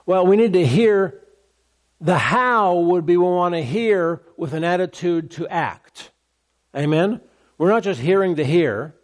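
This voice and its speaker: Emphatic preaching man, slightly high voice. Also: lively intonation, a little slow. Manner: repetitive, emphatic preaching with rhetorical questions. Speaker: pastor. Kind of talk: sermon.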